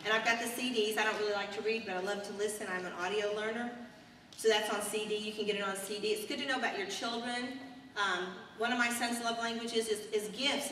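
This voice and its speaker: Middle-aged woman, seminar speaker, bright and forceful, heard from afar in an echoey hall. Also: on the high side, brisk, a little hiss or hum. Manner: animated and earnest, addressing the audience directly. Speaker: sales director speaking at a seminar. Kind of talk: motivational seminar talk. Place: large hotel meeting room. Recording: echoey hall recorded from far off.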